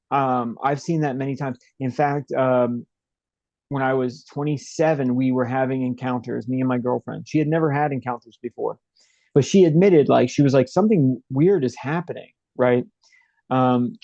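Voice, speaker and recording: A man's voice: mid-range voice, dark tone, dry recording, muffled recording. A young man as an interview guest, telling a story in a rambling, casual way with many fillers and restarts.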